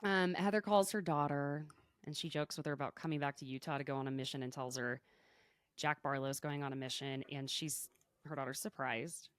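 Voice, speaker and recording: A woman hosting a podcast, recapping a show in a chatty, animated way full of quick asides. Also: sits low, dry recording. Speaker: podcast host. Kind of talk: casual recap chat. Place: podcast recording.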